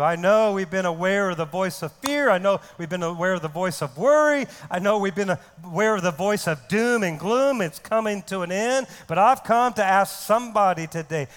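A man preaching a fiery sermon as pastor, shouting and repeating words for emphasis. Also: high voice, lively intonation, moderate pace, few pauses, smooth. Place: church hall. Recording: reverberant church hall.

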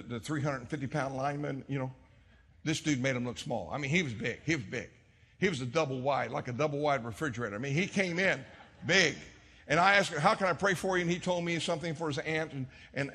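A middle-aged male pastor preaching a sermon, telling stories and swinging from hushed tones to shouts. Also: fairly high pitch, quick pace, slightly rough, big-room sound. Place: church sanctuary.

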